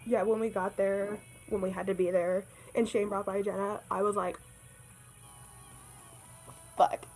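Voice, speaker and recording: A woman's voice: medium pitch, level tone, normal speed, darkish tone, soft background music, low-quality recording. A young woman telling a story in a casual vlog, rambling, swearing and joking at her own expense. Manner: rambling, swears a lot, self-deprecating. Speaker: vlogger.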